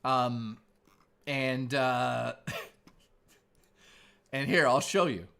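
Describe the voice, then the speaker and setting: A man's voice: mid-range voice, steady tone, extremely slow, creaky, pushed and bright. A man in his forties, a streamer host chatting casually in a laid-back, surfer-style way. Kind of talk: casual live-stream chat.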